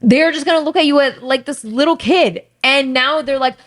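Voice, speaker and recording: A woman's voice: sits high, moderate pace, a bit bright. A young woman co-hosting a podcast in casual chat, telling stories animatedly and dropping in Urdu phrases. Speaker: podcast co-host.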